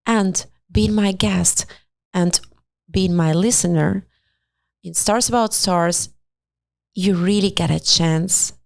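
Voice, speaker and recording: A woman hosting a podcast who talks in a casual, expressive way, acting out little quoted dialogues in non-native English with small grammar slips. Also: lowish voice, no echo. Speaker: podcast host and astrologer-matchmaker. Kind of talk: casual monologue. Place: studio.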